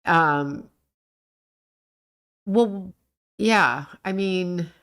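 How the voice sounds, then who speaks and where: A middle-aged woman runs a casual livestream, speaking extremely slowly in a fairly low, fairly bright voice. She responds to chat comments and talks back to them, ranting with blunt, profane swearing aimed at the people she brings up.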